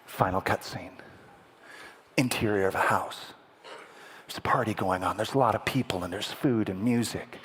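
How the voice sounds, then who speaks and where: A man preaching, telling a story in a dramatic, animated way with sound effects to a live congregation. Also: mid-range voice, husky. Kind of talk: sermon storytelling. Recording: echoey hall with long reverb.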